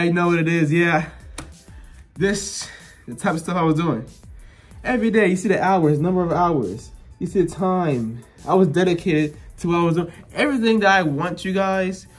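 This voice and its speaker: A young man vlogging, telling a story casually to his viewers with relaxed slang and lots of repetition. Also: sits high, husky. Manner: relaxed slangy talk, repeats himself, addresses viewers directly.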